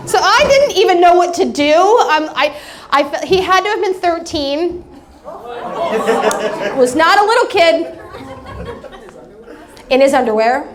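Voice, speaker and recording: A woman pastor giving a sermon, telling humorous family stories in a chatty way. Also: sits high. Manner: chatty, humorous anecdotes with acted-out quotes. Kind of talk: sermon storytelling.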